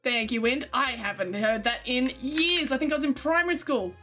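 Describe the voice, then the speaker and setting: A woman's voice: sits high, normal speed, music in the background. A young Australian woman streaming from home, chatting in a bubbly, rambling way and often giggling. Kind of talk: casual live-stream chat.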